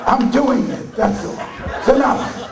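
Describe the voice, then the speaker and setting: A man, rambling through a joking acceptance speech and bursting into loud bits. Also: very high-pitched, lively intonation, measured pace, very noisy. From Brooklyn, New York. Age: 80s. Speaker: comedian accepting an award. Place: large banquet hall with an audience. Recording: echoey hall, mic far off, crowd laughter.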